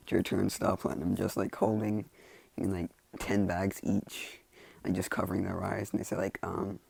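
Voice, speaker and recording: A man's voice: deep voice, level tone, moderate pace, gravelly, darkish tone, husky, no echo. A man casually telling a fan fiction story, rambling and filling every gap with "like" and "you know.".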